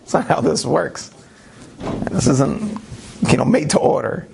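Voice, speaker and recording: A man's voice: a little high, lively intonation, measured pace, gravelly, background noise, heavily acted. A man voicing a stern adult male camp official who firmly lays down the rules. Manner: firm, laying down the rules.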